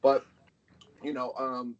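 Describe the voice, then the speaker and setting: A man's voice: medium pitch, completely flat delivery, slow pace. A middle-aged man, a guest on an interview, telling stories casually and bluntly, swearing freely. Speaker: interview guest, arm wrestler. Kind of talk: casual storytelling. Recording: dull lo-fi sound.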